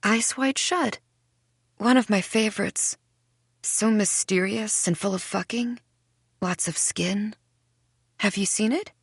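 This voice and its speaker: A woman voicing an eerie, cold young girl who speaks softly, smiling and half-whispering. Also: medium pitch, takes it slowly, long pauses, husky, dry recording, studio quality. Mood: teasing.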